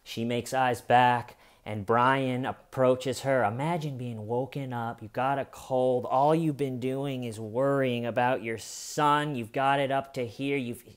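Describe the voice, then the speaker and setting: A male podcast host tells a true crime story at an unhurried, deliberate pace. He lets long pauses hang for dramatic effect, in a voice of middling pitch. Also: fairly even intonation, clean tone.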